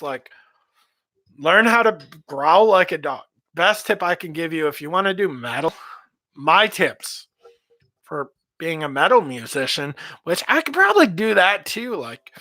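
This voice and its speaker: A man's voice: fairly high pitch, pushed and bright, no room sound. A man, a metal vocalist, giving rambling casual advice on singing, repeating himself as he goes. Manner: rambling, repeats words, demonstrates screams and growls.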